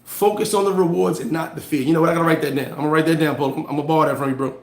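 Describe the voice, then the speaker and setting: A fairly high-voiced man talks straight to his viewers in a casual motivational livestream. He tells stories with lively, slangy energy and stops to answer comments. The sound is roomy and echoey. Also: very fast. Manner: animated storytelling with street slang. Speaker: livestream host giving motivational talk. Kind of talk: casual motivational live chat.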